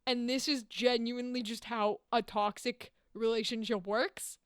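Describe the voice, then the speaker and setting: Young woman, podcast host, high voice, smooth and clear, dry close sound, lively casual talk. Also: normal speed, no echo. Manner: animated, swears, acts out lines in playful voices.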